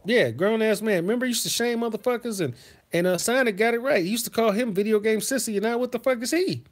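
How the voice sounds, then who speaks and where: A man hosting a casual livestream, reading chat messages and telling profane, animated stories from his childhood. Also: high voice, fast talker. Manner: profane, animated, swings into loud outbursts. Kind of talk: casual storytelling to a live chat.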